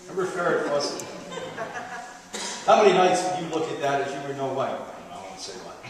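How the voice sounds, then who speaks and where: Middle-aged man, joking lecturer, slightly high voice, big echoey hall, far from the mic. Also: very animated, fast talker. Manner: joking, playful storyteller. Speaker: health lecturer. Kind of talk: live lecture to an audience. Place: large hall. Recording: echoey hall, taped from afar.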